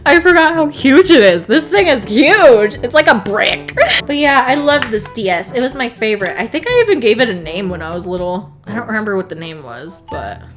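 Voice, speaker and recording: A young woman tells a casual storytime vlog, animated and full of swearing and laughter. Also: a little high, moderate pace, faint music behind. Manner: animated, profane, laughs often. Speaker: vlogger.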